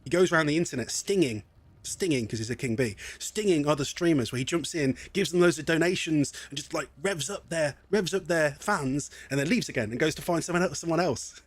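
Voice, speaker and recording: Englischer Streamer, plaudernd, hohe Stimme, sehr trockener Klang. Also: male voice, on the high side, a little fast, no echo. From England. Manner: chatty, rambling, laughs often. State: slightly wheezy from asthma. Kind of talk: casual live-stream chat.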